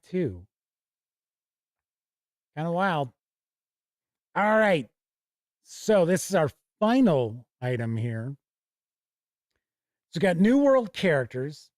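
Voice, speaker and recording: Slow, easygoing male host with a dry sound. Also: a little high, sing-song, darkish tone, no room sound. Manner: chatty, reads lists aloud with small asides and self-corrections. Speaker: show host reviewing tabletop RPG books. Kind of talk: casual chat, reading from a rulebook on stream.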